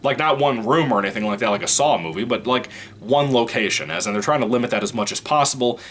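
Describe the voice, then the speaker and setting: A man's voice: medium pitch, expressive, fast, a bit bright. A man from Virginia giving a casual, rambling movie review, frank and profane, often breaking into laughter.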